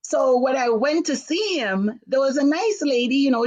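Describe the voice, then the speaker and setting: A middle-aged woman from Jamaica, hosting a live online talk show, recounts a family story at length. Her voice sits fairly high and swings widely as she quotes people and grows indignant. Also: moderate pace, lo-fi sound. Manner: animated, acts out voices in quotes, rising to sharp indignation. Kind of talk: personal storytelling on a live stream.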